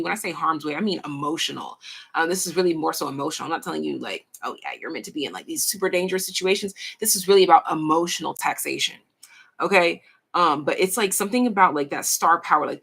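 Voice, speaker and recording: A young woman giving a casual pick-a-card tarot reading, frank and slangy, swearing freely and stretching out her pauses. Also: fairly low pitch, gravelly, fairly bright tone, breathy edge. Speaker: tarot reader.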